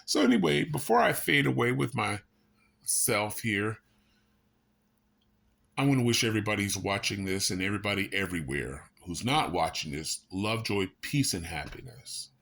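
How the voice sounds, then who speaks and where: A man's voice: fairly low pitch, moderate pace, creaky. Man musing in his living room. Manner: conversational, animated bursts of emphasis. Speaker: vlogger. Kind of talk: casual monologue to camera.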